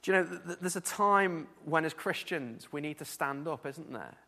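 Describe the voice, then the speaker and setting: A man preaching a sermon, earnest and animated, often repeating words as he builds his point. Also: a little high, normal speed, long reverb tail.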